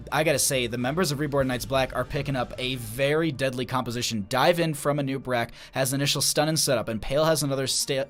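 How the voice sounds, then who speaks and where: A young man casting an esports match on a livestream, chatty and quick to laugh, reading his chat aloud and stumbling over player names. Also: fairly high pitch. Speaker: esports caster. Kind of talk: solo game commentary on a livestream.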